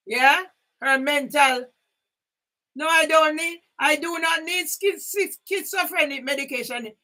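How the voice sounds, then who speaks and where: An older woman speaking from home in an impassioned, rambling monologue to camera, at times breaking into loud outbursts. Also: high-pitched, unhurried. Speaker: vlogger. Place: sitting at home. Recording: voice a bit far from the mic.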